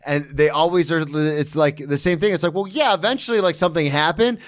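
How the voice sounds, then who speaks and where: A man hosting a podcast, chatting casually and chiming in with quick agreement. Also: a little high. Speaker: podcast host. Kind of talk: casual chat.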